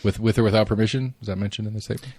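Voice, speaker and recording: A man's voice: lowish voice, steady tone, rapid-fire, a little mellow, no echo. A man co-hosting a casual current-affairs podcast, rambling with lots of fillers and restarts and the odd swear word. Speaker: podcast co-host.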